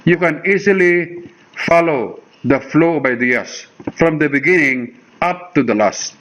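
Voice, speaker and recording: A man's voice: fairly high pitch, bright, forceful tone, low-quality recording. A man with a Filipino accent teaching an English grammar lesson, switching between English and Tagalog, reading word lists one at a time and checking in with "okay" and "all right.".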